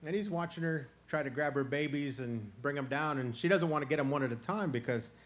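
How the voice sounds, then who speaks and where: A man from Florida telling a traditional animal tale in a relaxed, conversational way. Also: on the high side, fairly quick. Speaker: storyteller. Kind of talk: folk tale storytelling. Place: outdoor festival stage.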